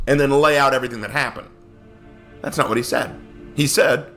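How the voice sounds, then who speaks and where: A man teaching a casual Bible study, expressive and acting out quoted lines in character voices. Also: mid-range voice, quick pace, faint music behind.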